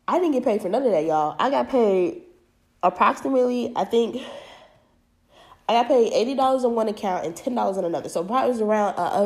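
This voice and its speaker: A woman's voice: medium pitch, a little mellow. Congested woman venting on a podcast. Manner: frank and profane, venting about money troubles. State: congested and stuffy from allergies. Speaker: podcast host. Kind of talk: casual solo podcast monologue.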